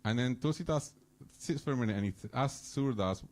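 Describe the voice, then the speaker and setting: A man at a temple festival telling devotional stories, acting out the dialogue with animated energy. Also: mid-range voice, fairly quick. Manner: animated storyteller, acts out dialogue. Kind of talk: storytelling talk. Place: temple hall.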